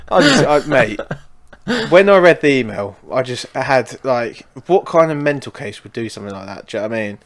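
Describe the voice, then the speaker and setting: A man's voice: medium pitch, expressive, normal speed. Male podcast co-host, loose rambling sweary chat. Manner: sweary, rambling, lots of fillers. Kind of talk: casual advice chat.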